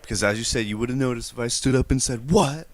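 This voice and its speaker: A man's voice: mid-range voice, fairly even intonation, very fast, dry recording. A man on a live stream prank call, telling a rambling, hesitant story and defending himself in a mock-earnest tone. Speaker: prank caller.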